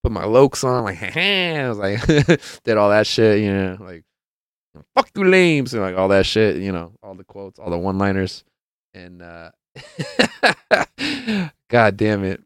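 A man's voice: fairly low pitch, animated, unhurried, clear, resonant tone, dry recording, studio quality. A man hosting his own podcast, telling a casual, rambling, profane story that is full of laughs and acted-out quotes. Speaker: podcast host.

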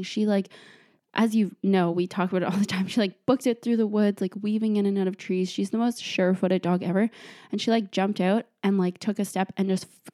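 A woman's voice: medium pitch, mellow, no room sound, studio quality. A young woman hosting her show, telling a story casually with lots of "like" fillers and frequent laughs. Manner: chatty, full of "like" fillers, laughs often. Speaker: host.

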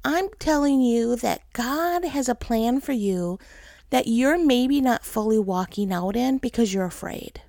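A woman's voice: on the high side, warm tone, no room sound, clean studio sound. A woman in her thirties giving an earnest, emotional sermon that draws on her own life and speaks straight to her listeners. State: tearful. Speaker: pastor's wife giving a message. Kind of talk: sermon, personal testimony.

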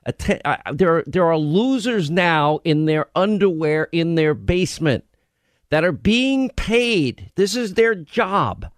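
A man's voice: on the high side, lively intonation, slow, no room sound, studio quality. A man hosting a talk radio show, speaking emphatically and repeating his points for effect. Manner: emphatic, repeats key phrases.

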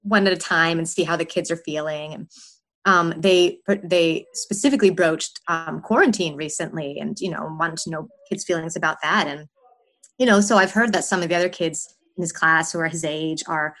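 A woman's voice: low-pitched, steady tone, normal speed, fairly bright tone, poor audio. A woman, a guest, chatting casually about parenting in a reflective, thoughtful way. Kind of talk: casual chat.

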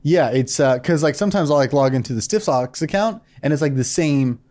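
Young man, casual podcast banter, animated swearing, fairly high voice, very lively pitch. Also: fairly quick. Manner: animated, swearing, jokey impressions. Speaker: podcast co-host. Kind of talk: casual chat.

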